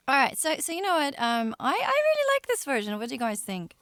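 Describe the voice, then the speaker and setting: High-voiced woman chatting between songs. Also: a bit bright, no echo. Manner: rambling, self-deprecating, with halting restarts. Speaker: singer-songwriter live streamer. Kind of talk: casual chat between songs on a live stream.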